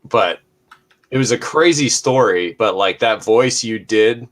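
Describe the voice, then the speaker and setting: A man's voice: fairly low pitch, expressive, unhurried. A man in a casual chat, telling a story loosely, with frequent swearing and laughter.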